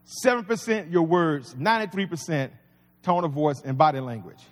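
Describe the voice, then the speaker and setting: Pastor guy, high voice, folksy joking sermon, big echoey hall. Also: lively intonation, moderate pace. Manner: folksy, conversational preaching with humor. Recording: long reverb of a large hall.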